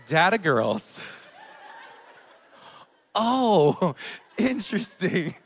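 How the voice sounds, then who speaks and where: A man in his thirties preaching a sermon as pastor, telling family stories in a casual way with fillers, dropping to a hush and then rising loud. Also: sits high, big pitch swings, drawn-out words, creaky, husky. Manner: casual storytelling with fillers, swinging between hushed and loud.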